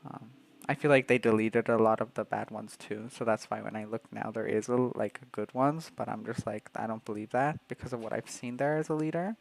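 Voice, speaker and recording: A man's voice: medium pitch, fairly even intonation, fairly quick, creaky. A young man from Canada, a streamer telling a workplace story in casual livestream chat, swearing freely.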